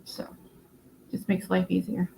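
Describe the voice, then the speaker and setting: Mellow and tired, a Southern woman from North Carolina hosts a casual crafting stream, rambling and pausing with many fillers as she explains. Slight background noise rides over the rough recording.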